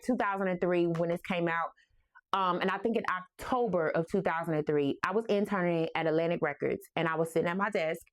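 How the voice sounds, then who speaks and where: A woman in her forties with a New York accent, hosting a casual, playful music talk and laughing often. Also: lowish voice. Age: 40s. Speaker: host. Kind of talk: casual storytelling about music.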